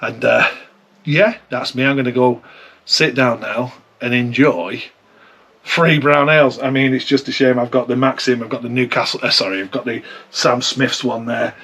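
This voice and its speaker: Husky-voiced man reviewing beer. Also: mid-range voice, steady tone, normal speed, fairly bright tone. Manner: chatty, thinking aloud while tasting. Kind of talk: casual tasting review.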